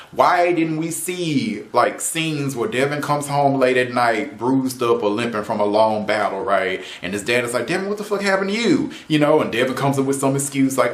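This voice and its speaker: A video reviewer rants casually on a show, sounding exasperated and laughing often while dropping "man" and "right?" into his opinions. His voice is mid-range and a bit bright, with a roomy echo.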